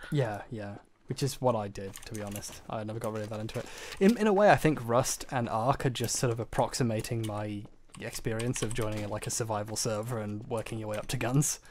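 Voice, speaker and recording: A man's voice: on the low side, brisk, few pauses, slight background noise. A young man streaming games, chatting casually, reading chat aloud and laughing easily. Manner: excitable, laughs loudly, reads chat aloud.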